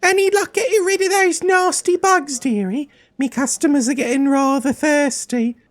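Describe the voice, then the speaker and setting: A man voicing a fussy, motherly old female innkeeper in a cooing, sing-song falsetto. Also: moderate pace.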